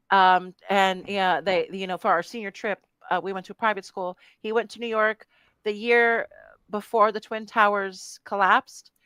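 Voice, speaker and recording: A woman's voice: mid-range voice, pushed and bright, clear, resonant tone, no echo. Frank woman podcast co-host, dry sound. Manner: frank, swears, laughs often, reflective when recounting. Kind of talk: casual chat.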